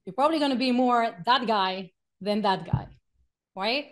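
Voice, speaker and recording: A middle-aged woman teaching a live workshop, animated, acting out quotes and stories and laughing often. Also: fairly high pitch, normal speed. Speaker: workshop speaker.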